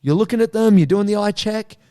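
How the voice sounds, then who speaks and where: A man's voice: high voice, fairly quick, dark tone. A man co-hosting a casual podcast, telling stories with lots of energy and acting out his own reactions. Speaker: podcast co-host and coach.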